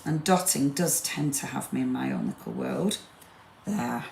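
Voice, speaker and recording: Brief: woman, craft demo host, low gravelly voice, gushing and chatty. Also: a little slow, a little mellow, slight background noise. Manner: chatty and gushing, rambling asides. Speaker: craft demonstrator. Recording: roomy echo.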